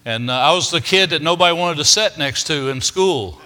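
An older man, his voice high and very bright. He tells stories in a folksy, homespun way, with many "uh" fillers. His words ring with the long reverb of a big church hall. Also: a little fast. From Kentucky, United States. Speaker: preacher. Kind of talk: storytelling sermon.

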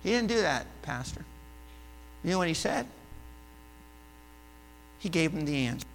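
A male pastor giving a conversational sermon, telling stories and swinging between hushed asides and loud emphatic points. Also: fairly high pitch, very animated, measured pace. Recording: reverberant hall with mains hum.

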